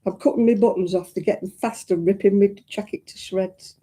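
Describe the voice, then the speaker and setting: Fussing woman with a mellow voice. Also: mid-range voice, steady tone, brisk. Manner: fussing and exclaiming, chatting to viewers. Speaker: crafting live-stream host. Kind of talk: casual live-stream chat while crocheting.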